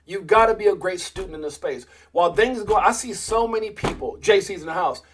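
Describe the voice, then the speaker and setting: A man's voice: sits high, fairly quick, background noise. A man hosting a casual crypto livestream, rambling with many restarts and talking straight to his viewers. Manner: rambling, restarts often, addresses viewers as guys.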